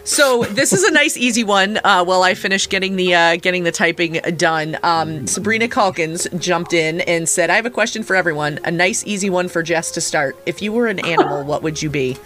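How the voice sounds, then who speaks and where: A man's voice: sits high, a little fast, few pauses, sharp tone, soft background music. A man hosting a livestream who runs the giveaways and chats casually, reads comments aloud, and pads his talk with fillers. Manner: easygoing, filler-heavy, reads chat aloud. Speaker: livestream host running giveaways. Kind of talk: casual stream chat.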